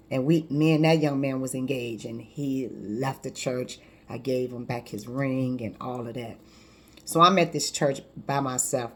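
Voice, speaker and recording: A life coach in her fifties shares her personal testimony in an extremely low-pitched voice. She's lively and conversational, frequently restarting her sentences.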